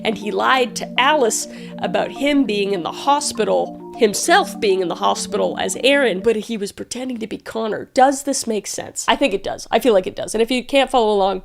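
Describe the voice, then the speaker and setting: A woman with a fairly high voice recounts a crime case like gossip, swearing freely and stopping to check the viewer is keeping up. Faint music plays under her. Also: gravelly. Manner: chatty, profane, asides to the viewer. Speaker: storyteller. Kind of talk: casual true-crime storytelling.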